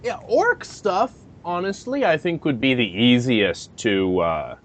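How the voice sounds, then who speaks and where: A man co-hosting a casual podcast, tossing in quick reactions and teasing questions. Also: medium pitch, lively intonation. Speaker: podcast co-host. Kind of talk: casual chat.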